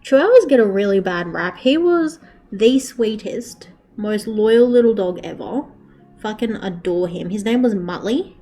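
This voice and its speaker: A woman's voice: mid-range voice, lively intonation, unhurried, dark tone, faint music behind. A young woman chatting casually on a live stream while she crochets, swearing freely and laughing often.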